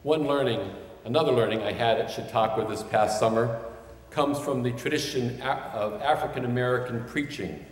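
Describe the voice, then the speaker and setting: A male pastor delivering a sermon at a medium pitch, unhurried and measured, then swelling into forceful, repeated refrains. His voice rings through a large sanctuary with a long, roomy reverb. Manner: measured, building to shouted refrains.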